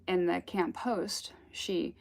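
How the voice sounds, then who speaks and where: Her voice is fairly low, with vocal fry and a steady tone, and she takes it slowly. As a spiritual teacher, she offers a casual talk built from meandering, conversational stories and laughs.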